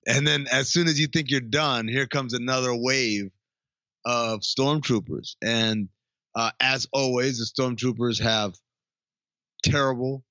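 A man's voice: medium pitch, steady tone, measured pace, bright, forceful tone, no room sound. A man chatting casually on a podcast, loose and profane, with frequent laughs. His voice is close and dry, and the sound is a little dull and lo-fi. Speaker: podcast co-host. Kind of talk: casual chat.

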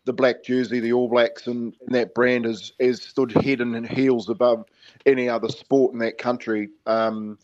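A man's voice: mid-range voice, level tone, normal speed, darkish tone, highs cut off. A man from New Zealand, a former player turned commentator, chatting casually in a radio interview over the phone, with fillers and easy laughs. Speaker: guest, rugby league commentator. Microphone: phone line.

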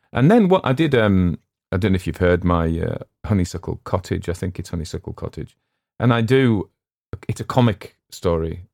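Low, creaky, and a little mellow, this man's voice comes through a dry, clean studio recording. He is a podcast host and audiobook narrator from West Cumbria, England, with a West Cumbrian accent, chatting in a casual, rambling, digressive, self-deprecating way.

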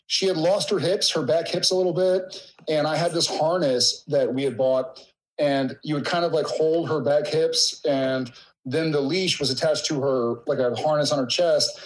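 Middle-aged man, slightly raised pitch, emotional halting storyteller. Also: steady tone, poor audio. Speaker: guest. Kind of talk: casual conversation.

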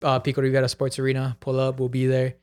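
A man's voice: medium pitch, completely flat delivery, fast, darkish tone. A man hosting a podcast, reading out supporter names and plugging his shows. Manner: reads out names, plugs shows. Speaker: podcast host. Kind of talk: casual podcast banter.

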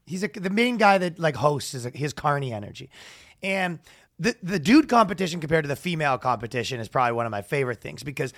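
A man telling a comedic story on a podcast, loud and animated, with bursts of shouted announcer impressions. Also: on the high side. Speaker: podcast co-host.

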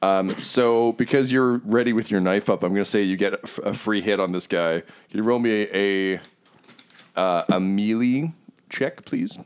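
A man's voice: lowish voice, normal speed, smooth. A man narrating as game master in a casual tabletop session, talking hesitantly with many ums and uhs.

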